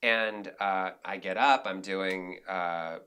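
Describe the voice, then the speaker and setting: Bright-voiced man telling animated stories. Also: deep voice, slow, clear, resonant tone. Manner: animated storyteller, many restarts and "like"s. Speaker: guest, director and actor. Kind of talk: casual interview storytelling.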